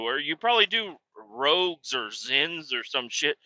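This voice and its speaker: Male comic host, profane shouting rants, lively swooping pitch, dry dull recording. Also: measured pace, few pauses, no echo. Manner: profane, erupts into shouting tirades. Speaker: podcast host. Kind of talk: comedic rant.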